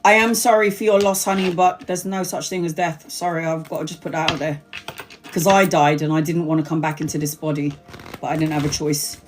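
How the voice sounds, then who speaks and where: A woman's voice: low-pitched, little pitch movement, a little fast, a little hiss or hum. A woman giving a live-stream tarot reading, chatty and blunt, swearing freely and calling viewers honey and sweetheart. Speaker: tarot reader.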